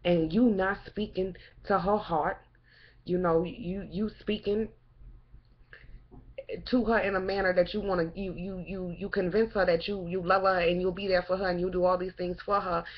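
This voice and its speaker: A woman's voice: lowish voice, steady tone, normal speed, muffled recording. A woman giving a fervent, preachy monologue to camera, firing rhetorical questions and cursing often. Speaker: vlogger.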